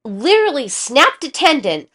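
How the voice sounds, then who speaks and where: A woman in her thirties with a fairly high voice that leaps up and down. She tells a personal story in casual chat and acts out everyone's lines as she goes. She swears freely. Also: sing-song, normal speed, bright, forceful tone. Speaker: podcast co-host.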